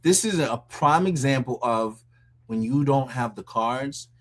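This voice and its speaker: A man's voice: medium pitch, expressive, unhurried, fairly bright tone. A man hosts a casual commentary show, reacting to a clip with mocking disbelief. He talks loosely and conversationally and breaks into laughs often. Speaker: commentary host.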